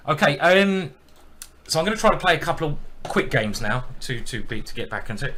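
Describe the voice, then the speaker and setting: Male chess streamer, bright voice, wry running commentary, faint hiss. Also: fairly high pitch, very animated, fairly quick. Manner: self-deprecating, thinking aloud. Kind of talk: live commentary on his own games.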